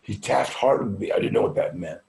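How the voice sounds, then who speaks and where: This older guest speaker at a recovery fundraiser has a lowish voice with vocal fry, a little mellow, and talks fairly quickly in an echoey room. He casually spins laid-back anecdotes, dropping "man" and "you know" and impersonating the people involved.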